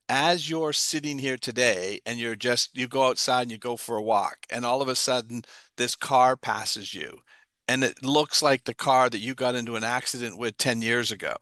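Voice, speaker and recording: A man's voice: mid-range voice, a bit bright, no room sound. A man giving an explanatory talk, asking himself rhetorical questions and answering them. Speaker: guest speaker on trauma. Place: online livestream.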